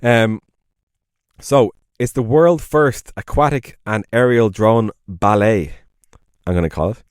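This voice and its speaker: A man's voice: fairly low pitch, slow, clean tone, dry recording. An Irish man co-hosting a podcast, chatting casually and enthusiastically, with lots of fillers and rambling asides. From Ireland. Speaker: podcast co-host.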